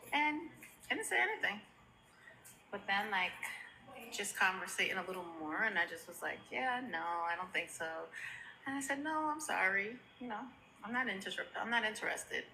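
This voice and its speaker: A woman's voice: mid-range voice, animated, brisk, pushed and bright, slight background noise, rough recording. A mother of seven telling a story in a sassy, dismissive way. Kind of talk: casual vlog story.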